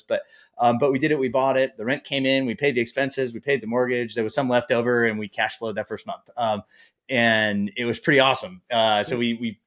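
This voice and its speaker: A man in his thirties, a podcast guest telling his story with lively, acted-out asides. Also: medium pitch, fairly quick. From Boise, Idaho area. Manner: animated storyteller, acts out his own past thoughts. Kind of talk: podcast interview.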